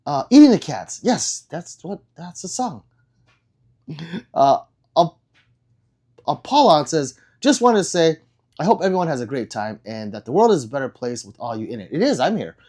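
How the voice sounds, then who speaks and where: Jokey man reading live chat, lively pitch. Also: normal speed. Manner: joking, rambling, reads comments aloud. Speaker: livestream host reading chat. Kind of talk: casual live stream chat.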